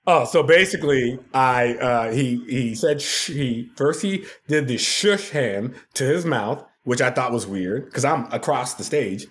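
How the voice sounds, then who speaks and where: Man, guest storyteller, animated, laughs a lot, mid-range voice. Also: medium pitch, a little slow, hardly any pauses. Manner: animated, laughs often while telling stories. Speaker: podcast guest, television producer. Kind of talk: casual storytelling.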